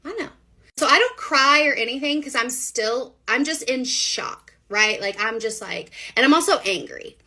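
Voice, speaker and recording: A woman telling her own story to the camera in a casual, animated, chatty way. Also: a little high, moderate pace, hardly any pauses. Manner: animated, chatty, many fillers. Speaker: storyteller sharing a personal story.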